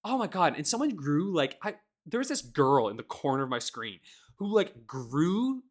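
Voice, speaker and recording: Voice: mid-range voice, sing-song, moderate pace. A podcast co-host in casual chat, ranting with heavy profanity and laughing often while talking.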